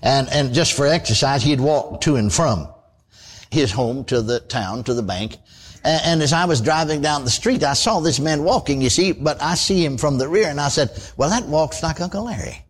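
A man's voice: a little high, animated, moderate pace, husky. An older man, preaching a sermon in a folksy, conversational storytelling way, full of asides and repeated words.

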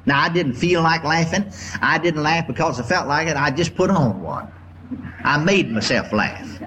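Older male preacher, homespun storyteller, lively up-and-down delivery. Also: moderate pace, a little hiss or hum. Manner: folksy storytelling, lively pitch, acts out laughing. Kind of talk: sermon.

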